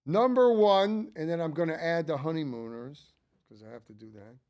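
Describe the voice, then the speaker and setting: An older man talks through his favorites in a loose, chatty monologue. He sounds enthusiastic and rambles into asides, his voice sitting a little on the high side. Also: big pitch swings, normal speed, dull audio. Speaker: channel host. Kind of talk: casual ranking monologue.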